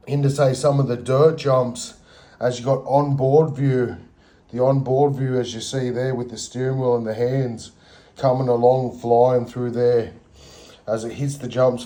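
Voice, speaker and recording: A middle-aged man narrates game or drawing footage with rambling, slangy commentary packed with sound effects. His voice is medium-pitched with a dark tone.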